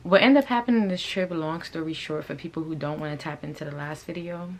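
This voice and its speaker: A woman's voice: deep voice, quick pace, a little mellow. A woman hosts a fashion channel and tells a story-time tale in a laid-back, slangy way, talking straight to her viewers. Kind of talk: casual story-time chat.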